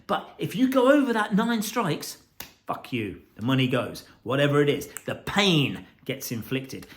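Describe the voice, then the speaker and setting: A man coaching about accountability in a blunt, intense, swearing monologue. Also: a little high. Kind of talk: profane motivational monologue.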